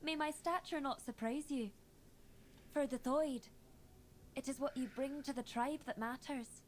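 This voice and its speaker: Small proud chieftain; high, unhurried, solemn game voice, faint hiss behind. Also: female voice. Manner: solemn and stern. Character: small female tribal chieftain, proud, protective. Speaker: game character. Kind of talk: game dialogue.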